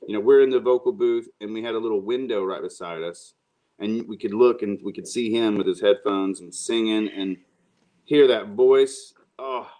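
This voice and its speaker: A man's voice: lowish voice, normal speed, dark tone. A man chatting casually as a guest, telling stories in an easygoing way. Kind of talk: casual interview chat.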